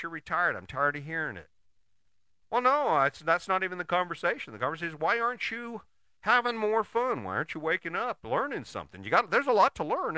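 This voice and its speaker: A man delivers a blunt, profane motivational monologue, firing off rhetorical questions and restarting his sentences. His voice is bright and sharp, sits a little high, and swings widely in pitch. The sound is dry and close. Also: clean tone, no room sound.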